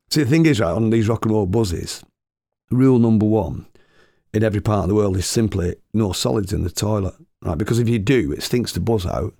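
Gravelly man telling a story. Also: fairly low pitch, brisk, a little mellow, no echo, clean studio sound. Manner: swearing, chuckling anecdotal delivery. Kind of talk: comic storytelling monologue.

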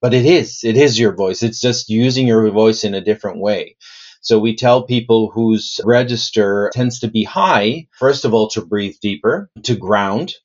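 Animated coaching man, lo-fi audio. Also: normal speed. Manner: animated, demonstrative, plays with his own pitch and pace. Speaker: voice and communication coach. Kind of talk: conversational interview answer.

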